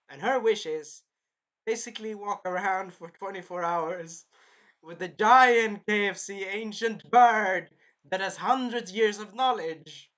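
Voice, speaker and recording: A man talks through an anime episode in a loose, rambling recap, tossing in jokes as he goes. His voice is bright and sits a little high. It swoops around a lot in pitch. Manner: rambling, animated, jokey. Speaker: anime reviewer.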